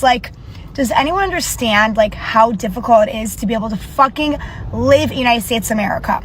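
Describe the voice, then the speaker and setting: A woman's voice: a little high, animated, fairly quick, a bit bright, slight background noise. A woman vlogging an emphatic, incredulous rant about the cost of living, with some swearing. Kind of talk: passionate rant to camera.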